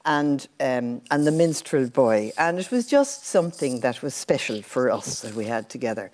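An older Irish woman, a former television journalist, telling anecdotes in a relaxed interview. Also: very deep voice, normal speed. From Ireland. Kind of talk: casual storytelling.

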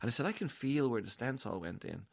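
A man with an Irish accent, chatting as a guest and telling a story with lively acted-out voices. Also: mid-range voice, fast talker, vocal fry, no echo. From Ireland. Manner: animated storyteller, acts out voices of others. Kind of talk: casual chat.

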